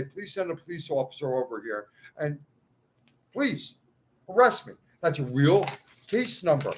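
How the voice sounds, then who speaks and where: A man with a mid-range voice delivers a very animated ranting monologue at normal speed to his followers, over poor audio. He is a self-styled cleric, agitated and pleading, swinging between outbursts and muttered asides.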